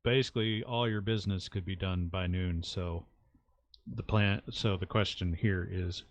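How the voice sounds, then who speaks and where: A man narrating as game master of a tabletop game, halting and full of uhs. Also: deep voice, steady tone, dry recording.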